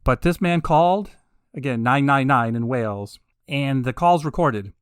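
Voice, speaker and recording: A man hosting a podcast in a casual monologue, wry and sarcastic with laughing asides, building to emphatic, drawn-out peaks. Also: mid-range voice, expressive, clear, resonant tone, no echo, clean studio sound. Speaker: podcast host.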